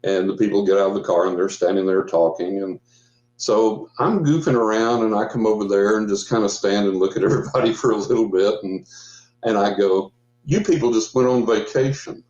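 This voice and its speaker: A man's voice: fairly low pitch, fairly even intonation, fairly quick, a little mellow, reverberant, muffled recording. A man in his sixties, a guest psychic, telling a long story in a casual rambling way with restarts and quoted dialogue.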